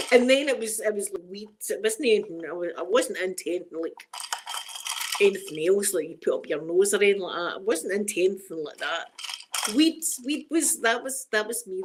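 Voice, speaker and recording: A middle-aged Scottish woman chatting casually on a live stream, emotional and quick to laugh, greeting viewers by name. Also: medium pitch, noisy background. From Scotland.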